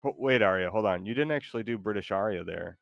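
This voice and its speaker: Male streamer, lower voice, dry close mic, casual and rambling, excitable. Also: fast, vocal fry, dry recording, dull audio. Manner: loose, excitable, rambling, lots of fillers. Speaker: gaming streamer. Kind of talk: casual live commentary while playing.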